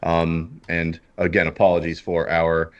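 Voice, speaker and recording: Deep-voiced sick man hosting a podcast. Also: flat delivery, unhurried, dull audio. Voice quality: deep, smooth radio voice. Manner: laid-back, chuckling, many fillers. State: sick, husky voice. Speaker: podcast host. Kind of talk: casual chat.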